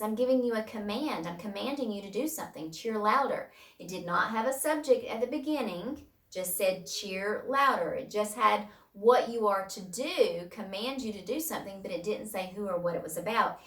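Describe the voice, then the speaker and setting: A woman's voice: mid-range voice, lively intonation, moderate pace. Patient woman teacher in a roomy space. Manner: patient, repeats key points. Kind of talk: recorded distance-learning lesson. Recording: roomy sound from a distance.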